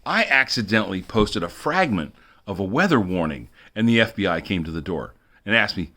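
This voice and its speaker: A man's voice: deep voice, big pitch swings, fairly quick, sharp tone. A man rambling through a monologue for his video blog, repeating himself and chuckling between asides. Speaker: video blogger.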